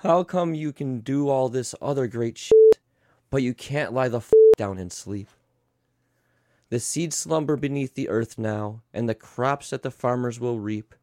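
A man's voice: medium pitch, unhurried, dark tone, no echo. Brief: profane man reading a bedtime story. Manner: profane, laughing, reads in a mock-soothing tone. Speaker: podcast co-host. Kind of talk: casual chat and reading a story aloud.

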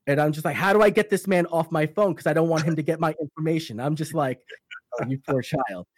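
Man, casual storytelling, profane and animated, higher voice, dry close sound. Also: fast talker, no echo.

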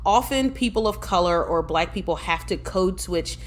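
Lively, laughing woman telling stories. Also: on the low side, normal speed. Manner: lively storyteller, laughs often, restarts sentences. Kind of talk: casual podcast conversation.

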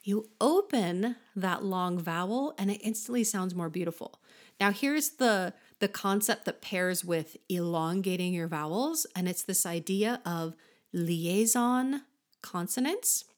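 Slow-spoken woman teaching singing. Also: medium pitch, lively intonation. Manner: explains patiently, breaks into sung examples. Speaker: voice teacher and podcast host. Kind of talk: podcast singing lesson with sung demonstrations.

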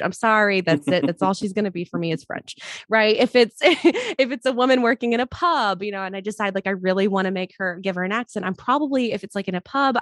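Brief: woman actress, podcast guest, talkative, laughs easily, medium pitch, dry close mic. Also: no echo. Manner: chatty, laughs often between thoughts. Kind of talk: casual interview chat.

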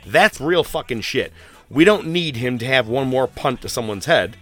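A man's voice: medium pitch, expressive, moderate pace, pushed and bright, soft background music. A man hosting a casual podcast, rambling and profane, with lots of fillers. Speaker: podcast host.

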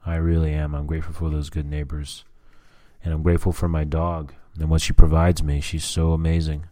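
A man's voice: a bass voice, monotone, brisk, mellow, no echo, clean studio sound. A man talking casually in a rambling personal vlog, full of fillers and swearing. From US Southwest. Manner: rambling, frequent fillers and cursing. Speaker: vlogger.

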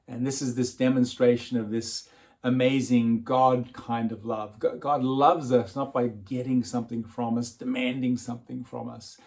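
A man's voice: medium pitch, a little mellow. A man preaching an Easter sermon. He chuckles often and repeats words as he starts his phrases. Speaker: pastor.

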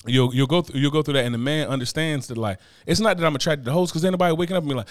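A man's voice: fairly high pitch, racing, hardly any pauses, no echo, clean studio sound. A man on a casual podcast chat, talking bluntly and with lots of profanity, often checking in with "you know what I mean". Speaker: podcast co-host.

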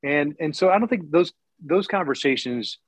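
A middle-aged man who used to broadcast baseball, talking candidly and bluntly as an interview guest, with sarcastic asides and many quick restarts. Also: a little high, lively intonation, dry recording. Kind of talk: casual interview talk. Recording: dry, slightly dull lo-fi recording.

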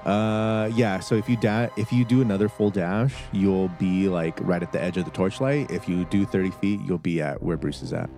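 A man's voice: deep voice, normal speed, few pauses, dark tone, soft background music. A man narrating as game master of a tabletop game, laid-back and laughing often.

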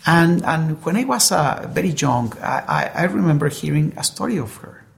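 A preacher delivering a sermon, weaving a story into the message. The voice is gravelly with a touch of fry, and the delivery is earnest, with frequent restarts as words are sought. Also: mid-range voice, lively intonation, normal speed. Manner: earnest, repeats words while searching for them.

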